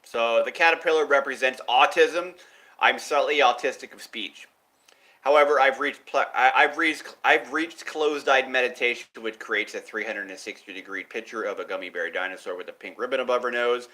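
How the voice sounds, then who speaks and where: A man talking straight to his viewers in a rambling, profane monologue, jumping between ideas and swinging widely in pitch and loudness. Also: moderate pace. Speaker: vlogger.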